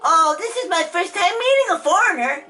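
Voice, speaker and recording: A man's voice: very high voice, animated, normal speed, pushed and bright, soft background music, pitched above the performer's own voice, full character voice. A man voicing a cheerful, innocent young ranch girl, reading game dialogue in a sing-song way. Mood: chirpy.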